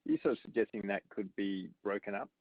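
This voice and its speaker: Low male analyst on a phone line. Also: fast talker, no room sound. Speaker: analyst caller. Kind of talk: phone question on earnings call.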